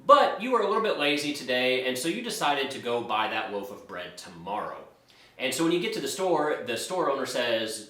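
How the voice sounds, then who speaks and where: A man's voice: medium pitch, sing-song, a little fast, sharp tone. A man hosting a personal finance show, explaining ideas in a casual, conversational way through everyday examples. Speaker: personal finance YouTube host. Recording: roomy echo.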